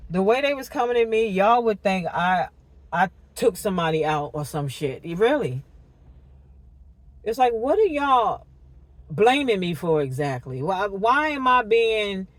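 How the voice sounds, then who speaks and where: A woman doing a casual tarot reading monologue, animated and slangy, laughing and cursing as she talks. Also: mid-range voice, dry recording. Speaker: tarot reader.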